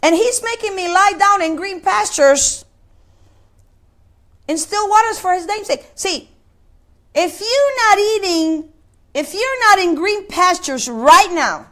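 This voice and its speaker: A woman's voice: extremely high pitch, lively intonation, slow, long pauses, fairly bright tone. A woman preaching a sermon, impassioned, with many repetitions and quoted scripture. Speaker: pastor.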